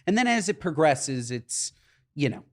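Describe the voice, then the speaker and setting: A man co-hosting a podcast in casual chat, telling stories in an animated, exasperated way. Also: on the high side, moderate pace. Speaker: podcast co-host.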